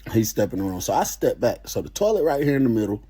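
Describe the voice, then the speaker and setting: A man telling a story in a casual, animated way, full of slang and swearing. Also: on the low side, fast talker, breathy edge.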